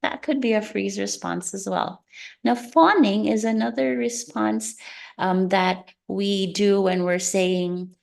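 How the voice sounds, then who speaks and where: A woman educator giving an online talk about children's emotions, lively, acting out children's and parents' lines. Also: medium pitch, slow pace, gravelly. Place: online meeting room. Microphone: video call.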